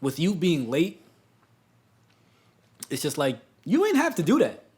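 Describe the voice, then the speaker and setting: A man's voice: fairly high pitch, wildly swooping pitch, unhurried, darkish tone. A man hosting a podcast, chiming in with short reactions and talking casually. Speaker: podcast host. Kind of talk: casual chat.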